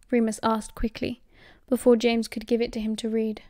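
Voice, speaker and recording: A woman with a British accent narrating an audiobook in a steady, measured way. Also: on the high side, dry recording, studio quality. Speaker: audiobook reader.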